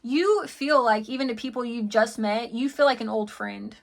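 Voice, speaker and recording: A woman's voice: fairly high pitch, moderate pace, gravelly. A woman giving a casual tarot reading, rambling and chatty with lots of fillers and restarts, laughing between thoughts. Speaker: tarot reader.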